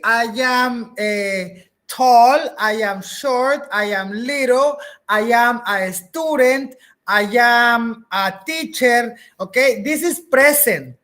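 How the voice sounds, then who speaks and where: A woman's voice: on the high side, fairly bright tone. A woman teaching a beginner English class, patiently repeating words, checking that students follow, and slipping into Spanish now and then.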